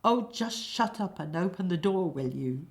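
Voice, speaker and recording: A woman voicing an exasperated, excitable man in a comic stage play, with shouty, irritated bursts. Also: fairly low pitch, moderate pace.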